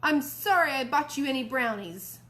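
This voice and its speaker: A woman reading a storybook aloud and voicing an excitable little boy who pouts and whines. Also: sits high, normal speed, voice pushed up. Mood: pouting.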